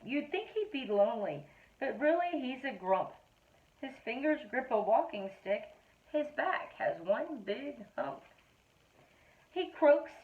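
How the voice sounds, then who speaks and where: Animated woman reading children's verse aloud. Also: a little high. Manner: playful, animated storytelling delivery. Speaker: reader of a children's poetry book. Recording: tinny phone-like audio.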